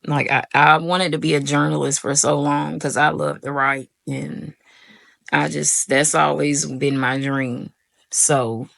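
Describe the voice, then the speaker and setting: A young woman speaks with a gravelly, creaky edge. She talks to the camera in an easygoing, casual vlog manner. She calls her viewers y'all and acts out her own quoted words as she tells the story. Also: sits low, level tone, measured pace, a bit bright. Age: young adult. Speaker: vlogger.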